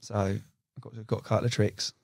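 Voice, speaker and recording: Young angler, guest on a podcast, excitable and chatty, dry sound. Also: male voice, fairly low pitch, a little fast, creaky, no echo. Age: young adult. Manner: excitable storyteller, swears, uses "you know" a lot. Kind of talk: casual chat.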